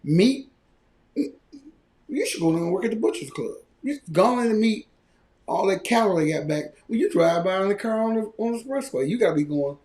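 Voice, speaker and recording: Animated ranting man with a lively pitch. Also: a little fast. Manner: loud, animated ranting with mocking quoted voices. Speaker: podcast host. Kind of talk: live podcast rant.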